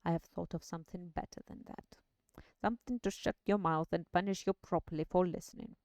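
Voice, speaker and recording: A woman, not a native English speaker, voicing an old male wizard, commanding and wry, in a deepened old man voice while reading a storybook aloud. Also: steady tone, a little fast, a little mellow, dry recording, lightly acted. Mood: stern.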